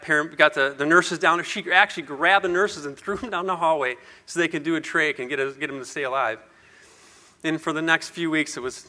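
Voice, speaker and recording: Man, middle-aged, motivational speaker, earnest storytelling, rhetorical questions, bright ringing tone, somewhat high voice. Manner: earnest, rhetorical questions, repeats words when emotional. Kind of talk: personal story speech to an audience.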